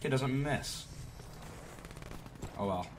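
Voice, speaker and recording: A man giving profane, trash-talking commentary over a shooter game, with sudden loud outbursts. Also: mid-range voice, lively intonation, extremely slow, heavy background noise. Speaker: gaming YouTuber. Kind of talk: gameplay commentary.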